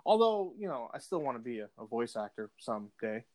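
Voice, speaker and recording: A man's voice: medium pitch, sing-song, a little fast, darkish tone. A man chatting casually on a podcast, rambling with lots of fillers and restarts and slipping into voices. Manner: does voices and impressions. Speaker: podcast co-host. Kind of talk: casual chat.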